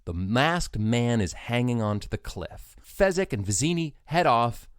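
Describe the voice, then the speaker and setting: A man co-hosting a podcast, retelling a film's plot in a playful, lively casual chat. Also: mid-range voice, clean tone, no room sound, clean studio sound. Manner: lively, playful, slips into quick character voices. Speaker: podcast co-host.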